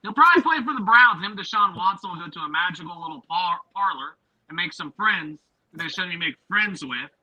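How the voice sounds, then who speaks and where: A young man co-hosting a sports podcast, ranting crudely and mockingly with big swings in pitch. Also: expressive, fairly quick, bright, forceful tone, dull audio. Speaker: podcast co-host. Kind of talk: profane comedic rant.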